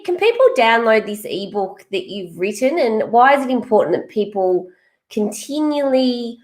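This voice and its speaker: An Australian woman hosts a podcast in a casual, chatty way, with a slightly higher voice. She fills her stories with fillers before moving on to her questions. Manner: chatty, storytelling, lots of fillers. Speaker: podcast host. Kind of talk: casual interview chat.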